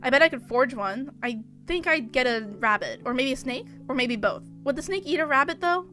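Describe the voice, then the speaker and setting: A young woman with a high, bright voice, chatting as she plays a video game. She jokes and laughs often while reading along. Her tone is crisp and lively. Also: brisk, faint music behind. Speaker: gameplay video host. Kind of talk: let's play commentary and reading.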